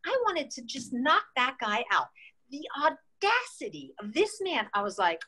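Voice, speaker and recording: A woman in her sixties from New York State, an interview guest telling lively stories and acting out the voices she quotes. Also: high voice, unhurried. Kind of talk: casual interview storytelling.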